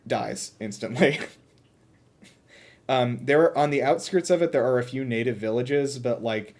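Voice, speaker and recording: This young man co-hosts a casual podcast, rambling through the chat with plenty of fillers and restarts. His medium-pitched voice is unhurried and has a darkish tone.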